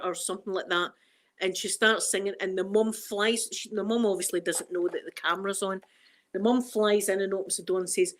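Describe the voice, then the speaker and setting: Chatty Scottish woman streaming live. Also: mid-range voice. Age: middle-aged. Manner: chatty, laughs often, reads chat aloud. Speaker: ASMR streamer. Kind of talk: casual live-stream chat.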